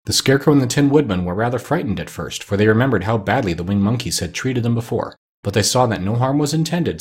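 A man narrating a storybook reading in a steady, measured way. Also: lowish voice, slightly rough.

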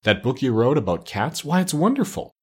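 A chatty, uneducated meat seller who talks in a rough, homely way, played by a man. His voice is husky and rides up and down with eager persuasion, a storybook tradesman. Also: medium pitch, sing-song, fairly quick, pitched above the performer's own voice. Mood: pushy. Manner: rough, colloquial speech.

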